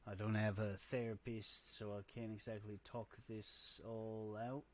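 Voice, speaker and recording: A man's voice: fairly low pitch, level tone. A man giving casual gameplay commentary, muttering to himself and poking fun at himself. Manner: slow, muttering to himself, self-deprecating. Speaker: gamer.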